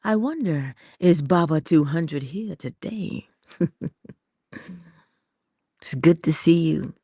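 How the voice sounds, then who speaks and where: A woman hosting an inspirational livestream, talking slowly and intimately, dropping into whispers at times and greeting viewers in the chat. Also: low-pitched, lively intonation, mellow, husky, no room sound, studio quality. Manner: slow, intimate, drops into whispers. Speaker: motivational livestream host.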